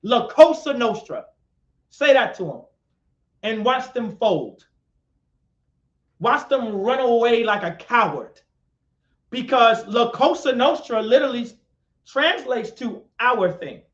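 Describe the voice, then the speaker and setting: Man, very high voice, class instructor, live-streamed lecture, quizzes listeners, dull lo-fi sound. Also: lively intonation, takes it slowly, long pauses, fairly bright tone, echoey room. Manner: repetitive, questions the audience and calls on them.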